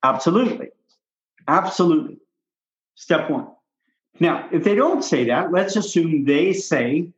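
A man's voice: fairly high pitch, expressive, moderate pace. A man, a doctor, coaching on how to talk with patients, emphatic and repetitive, acting out examples as he goes. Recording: roomy, slightly dull recording.

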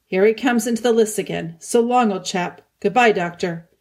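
A woman voicing a brave young king who speaks in a steady, clipped, understated way. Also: medium pitch, moderate pace, lightly acted. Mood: grim. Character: young king Peter, brave and plain-spoken.

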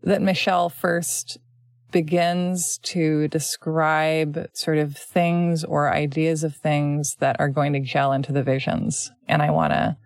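Low, gravelly-voiced woman host. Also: flat delivery, darkish tone, dry recording, clean studio sound. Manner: thoughtful, measured, with fillers. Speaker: podcast host. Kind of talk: casual chat, reading from a book.

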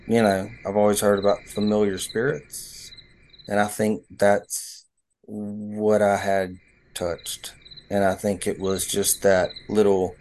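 A man slowly telling a personal story, pausing and hesitating as he reflects. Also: lowish voice, little pitch movement, a little mellow, slight background noise. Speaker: storyteller guest.

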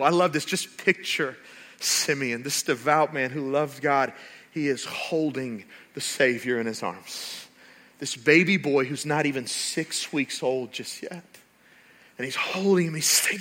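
A man, a pastor, preaching a sermon and telling stories with animated, rising emphasis. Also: medium pitch, measured pace.

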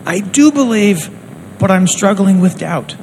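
A man's voice: animated, measured pace, a little mellow, slight background noise, low-quality recording. A man voicing a desperate father who cries out earnestly, his voice lifted well above his own. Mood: pleading. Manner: cries out earnestly, voice raised high. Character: desperate pleading father, middle-aged man.

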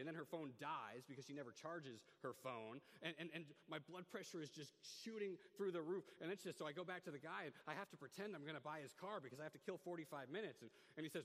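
A man's voice: on the high side, fast talker, few pauses. Man telling a story in a reverberant hall. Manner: animated, many restarts and repeated "and". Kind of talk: personal story told to an audience.

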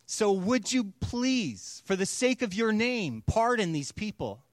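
Preacher doing Moses: earnest pleading leader, humble manner, fairly high voice. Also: male voice, very animated, slow pace, dry recording, clean studio sound, heavily acted.

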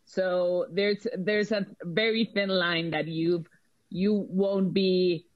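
A woman from Mexico, a podcast guest who talks in a lively way and often restarts her sentences. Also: on the low side, slow pace, no room sound. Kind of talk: casual chat. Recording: dry, dull lo-fi audio.

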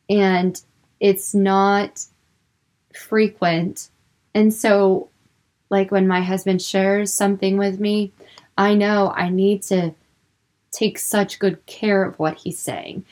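A woman's voice: mid-range voice, little pitch movement, slow, a little mellow. A young woman speaking earnestly about faith and emotions in a personal, unscripted way, with lots of filler words. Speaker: Christian speaker.

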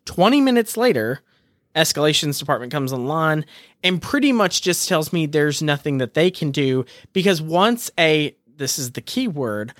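A woman telling a story in casual chat, animated and acting out the people she quotes. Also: deep voice, moderate pace, dry recording, clean studio sound.

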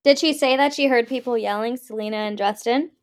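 A woman's voice: a little high, brisk, clean tone. A young woman co-hosting a podcast, chatting bluntly and swearing freely while she trades gossip and questions. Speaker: podcast co-host. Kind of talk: casual gossip chat.

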